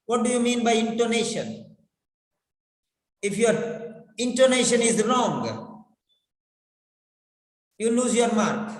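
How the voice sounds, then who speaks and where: Male pronunciation teacher, slow and high-pitched, drilling words by repetition, long echoing reverb. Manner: deliberate, repeats words over and over to drill them. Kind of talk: classroom lecture with repetition drills. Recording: echoey room with long reverb.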